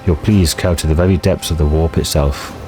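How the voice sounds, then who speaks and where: A man's voice: a bass voice, a little fast, music in the background. A man reading aloud the lines of a cruel dead woman captain returned as a spirit, in a plain reading voice. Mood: mock tender. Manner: read aloud flatly from game text.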